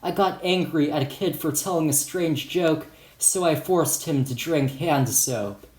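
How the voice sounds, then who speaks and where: A man's voice: fairly high pitch, unhurried, darkish tone, roomy sound, natural voice. A man voicing a remorseful woman teacher speaking tearfully and apologetically.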